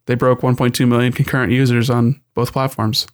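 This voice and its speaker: A man co-hosting a casual gaming podcast, talking in a relaxed, rambling way full of "like" and "I mean". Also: medium pitch, a little fast, clear, resonant tone. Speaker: podcast co-host.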